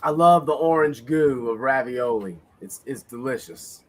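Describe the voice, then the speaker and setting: A man's voice: mid-range voice, a little slow. A man co-hosting a live sports watch party stream, loose and joking as he chats with viewers. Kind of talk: casual live-stream chat.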